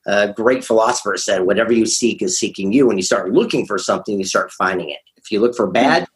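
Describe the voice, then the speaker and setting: A man's voice: on the low side, quick pace. A man being interviewed with his son, talking in a casual chat and coaxing his son with prompting questions. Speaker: guest, father.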